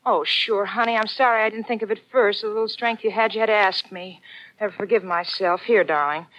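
A woman's voice: medium pitch, fairly even intonation, a little fast, a bit bright, lo-fi sound, natural voice. An actress playing an anxious, doting young woman who also narrates, in a 1940s radio comedy. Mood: fretful. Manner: fretful, doting.

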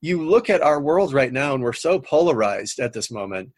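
Husky-voiced reflective man. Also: mid-range voice, big pitch swings, normal speed, no echo. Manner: reflective, explains a personal philosophy. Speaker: guest, trainer and speaker. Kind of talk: conversational interview.

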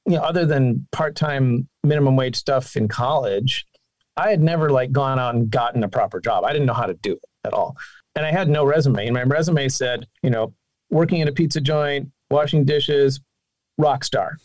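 A man telling his career story as an interview guest, animated and chatty, his voice jumping up when he quotes people. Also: moderate pace, no echo. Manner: animated, with sudden pitch jumps. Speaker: guest, game sound designer and singer.

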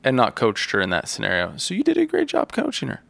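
A man's voice: medium pitch, huge pitch swings, fast, vocal fry, fairly bright tone, dry recording. A man in casual chat, making short supportive remarks as co-host. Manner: supportive, brief interjections.

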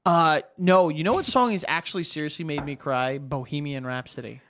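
A man in casual podcast chat, telling animated stories and swearing freely. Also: on the high side, brisk, slight background noise.

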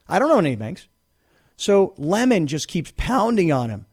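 Emphatic, lively-voiced man on sports radio. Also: high-pitched, normal speed, husky. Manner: emphatic, repeats words when worked up. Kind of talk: opinionated radio monologue. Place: radio studio.

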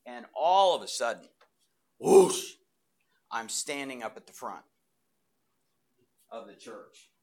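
A man's voice: medium pitch, a little slow, long pauses. Middle-aged guy telling his faith story to a crowd, goes big then drops to almost nothing, church hall. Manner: animated storyteller, voice swinging from loud bursts to hushed asides. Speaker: speaker giving a testimony. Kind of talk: testimony talk to a live audience.

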